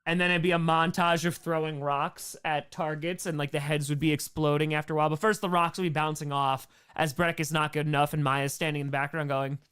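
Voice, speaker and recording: A man's voice: a little high, flat delivery, a little fast, hardly any pauses, a bit bright, clean tone. A man hosting a casual livestream Q&A, rambling and joking as he reads out and answers chat. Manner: rambling, jokey, answers chat names aloud. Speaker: streamer host answering chat.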